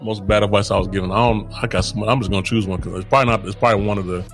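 Low-voiced man in laid-back chat. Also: fairly even intonation, racing, soft background music. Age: adult with kids. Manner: laughing, rambling and frank with slang. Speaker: podcast co-host. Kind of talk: casual chat.

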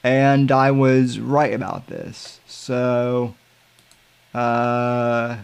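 Slow, halting male podcast host. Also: mid-range voice, level tone, gravelly, clean tone. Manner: halting, many filler sounds and restarts. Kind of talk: casual commentary.

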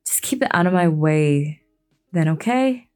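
A woman reading the lines of a stern, snapping young woman in a storybook, in a low, mellow voice. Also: animated, measured pace, faint music behind. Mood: curt. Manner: curt, snapping.

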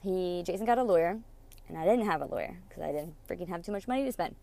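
A woman's voice: lowish voice, lively intonation, fast, creaky, warm tone. Candid, swearing woman telling a story. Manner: candid, swears freely, acts out quoted dialogue. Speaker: podcast host. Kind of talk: personal storytelling.

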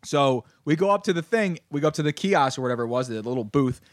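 Male co-host, rapid storyteller, dry close sound. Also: mid-range voice, animated, no room sound. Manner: teasing, storytelling. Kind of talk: casual banter.

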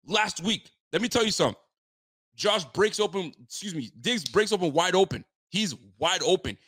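Man, fan rant, frustrated, blunt, slangy, slightly high voice. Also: animated, moderate pace, a bit bright, breathy edge. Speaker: sports fan commentator. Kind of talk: ranting post-game reaction.

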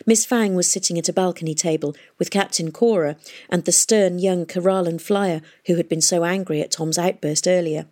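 A woman narrating a novel in a steady, expressive reading voice. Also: lowish voice, moderate pace. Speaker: audiobook narrator. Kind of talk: storybook narration.

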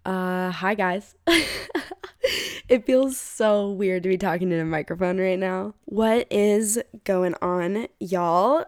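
A woman's voice: mid-range voice, slow pace, a little mellow, no room sound, studio quality. A young woman hosting her own podcast, chatting casually and rambling with self-deprecating humor while sick with a head cold and a runny nose. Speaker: podcast host. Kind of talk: casual solo podcast chat.

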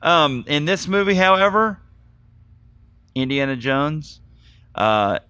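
A man hosting a casual movie podcast, talking in an animated, rambling way and getting excited as he goes. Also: on the high side, slow, clear, resonant tone, no room sound. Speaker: podcast host. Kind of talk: casual movie review chat.

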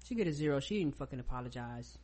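A woman's voice: a bass voice, animated, fast, darkish tone, breathy edge. A woman co-hosting a podcast, chatting casually with dry, blunt remarks. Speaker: podcast co-host.

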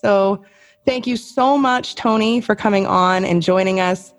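A woman's voice: medium pitch, measured pace. A woman from Canada hosting a podcast in casual chat, talkative and playful, swearing now and then. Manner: chatty, swearing freely, playful quizzing. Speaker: podcast host.

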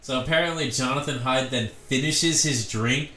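Casting: male podcast co-host, mid-pitched, laid-back storyteller, echoey room. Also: normal speed, pushed and bright. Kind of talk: casual chat. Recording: roomy, echoey room sound.

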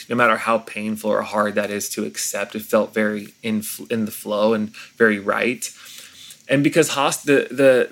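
A man, a pastor, talking in an earnest, reflective way during an interview, often pausing and restarting his sentences. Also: on the low side, fairly bright tone.

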